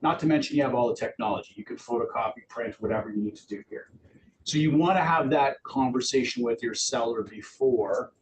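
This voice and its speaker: A middle-aged man giving a lively live training talk to realtors in an office, acting out quotes in voices. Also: medium pitch, a little fast. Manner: animated, acts out quotes in voices. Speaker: real estate trainer. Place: office meeting room. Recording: distant room mic with background noise.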